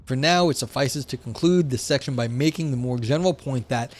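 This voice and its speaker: The speaker is a man hosting a livestream who chats casually, replies to the chat, and reads a philosophy text aloud with lots of fillers. He comes from the United States, south of New England, and speaks fairly quickly at a medium pitch.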